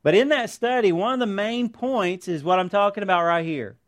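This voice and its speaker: A man with a notably high voice preaches to his congregation. He tells stories in an earnest way and often stops to ask rhetorical questions. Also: moderate pace. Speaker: pastor. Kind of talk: sermon with personal stories.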